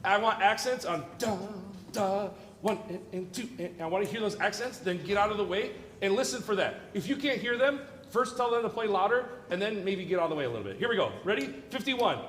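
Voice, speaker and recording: A guest clinician with a high-pitched voice coaches a student orchestra in a large, echoey hall, recorded from a distance with the orchestra playing and slight background noise. He talks fast with few pauses, sounding animated and a bit bright, joking playfully while counting and singing rhythms aloud.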